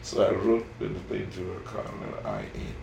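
An older man answering interview questions in a rambling, folksy way, with a gravelly voice. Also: on the low side, flat delivery, brisk, a little mellow. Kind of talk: casual dialect interview. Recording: echoey room, distant mic, noisy.

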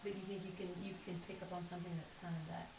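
A woman interviewing someone, asking quick, probing follow-up questions. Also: fairly low pitch, little pitch movement. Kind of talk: conversational interview. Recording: echoey room with clear hiss.

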